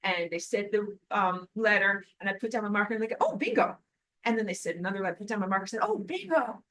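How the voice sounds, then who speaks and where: Young female host, bright tone, eager and animated, chatty story-sharing. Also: mid-range voice, racing, rough recording. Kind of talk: casual storytelling livestream.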